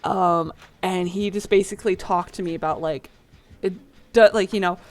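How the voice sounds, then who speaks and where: A woman's voice: lowish voice, steady tone, moderate pace, darkish tone. A woman telling a childhood story in a rambling, casual way while playing a game, with many fillers. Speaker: gaming channel host.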